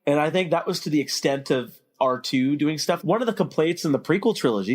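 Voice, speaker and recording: A man's voice: a little high, quick pace, hardly any pauses. A man hosting a casual movie podcast, opinionated and steering the chat with questions. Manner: opinionated, leads the discussion with questions. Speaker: podcast host.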